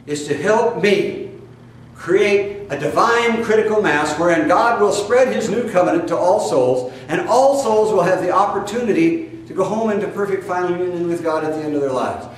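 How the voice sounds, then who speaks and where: A man's voice: sits high, slight background noise. A man from Iowa gives a spiritual talk in an emphatic, folksy way, with mocking asides. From Iowa, USA. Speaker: spiritual teacher. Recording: very echoey room, heard from a distance.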